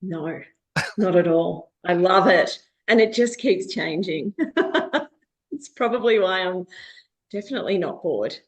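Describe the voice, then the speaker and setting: A woman in her forties answers interview questions in a relaxed, chatty way. Her voice sits a little low, and she often laughs and uses fillers as she talks. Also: a little slow. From Australia. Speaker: marketing agency director, guest. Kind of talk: casual interview conversation.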